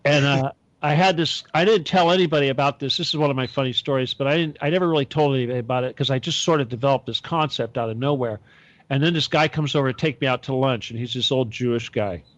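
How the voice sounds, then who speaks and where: A man's voice: medium pitch, fast, dry recording. Rambling man telling stories, dull sound. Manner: rambling storyteller with laughs and restarts. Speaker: podcast host. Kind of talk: casual chat.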